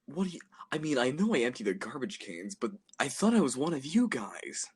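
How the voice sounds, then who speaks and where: A man's voice: mid-range voice, sing-song, fairly quick, breathy edge. A teenage man co-hosting a casual comedy podcast, joking and riffing with a laugh. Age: late teens. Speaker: podcast co-host.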